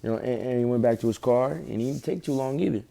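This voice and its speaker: A man's voice: mid-range voice, fast talker, gravelly, warm tone. A young man giving a casual, profane religious lesson, telling a personal story in street slang. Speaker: online preacher.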